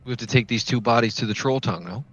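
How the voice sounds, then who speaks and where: A man's voice: mid-range voice, very fast, a bit bright, lo-fi sound, soft background music. A man playing in a tabletop game, asking questions in a casual way. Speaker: player.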